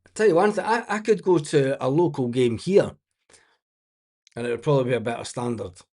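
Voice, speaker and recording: A man's voice: mid-range voice, fairly quick, darkish tone. A man giving blunt, exasperated live match commentary as a watch-along host, swearing freely and laughing often.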